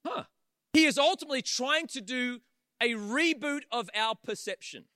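A man of about forty delivers a sermon in a big auditorium, his voice high, bright and dry. He is an animated storyteller who keeps tossing playful asides at the listeners. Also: no echo. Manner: animated storyteller, quick humorous asides to the crowd. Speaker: pastor. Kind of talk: sermon to a live audience. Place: large auditorium.

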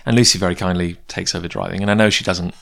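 A man with a very low, deep voice tells a long personal story in a loose, casual way. He wanders off on tangents and pokes fun at himself as he talks about his comics work. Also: steady tone, quick pace, creaky, a bit bright. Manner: rambling, goes off on tangents. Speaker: comic book creator.

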